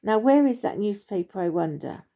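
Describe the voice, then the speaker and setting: A woman voicing an eager, polite young male animal in a storybook reading, quick to apologize. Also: mid-range voice, sing-song, creaky, mellow.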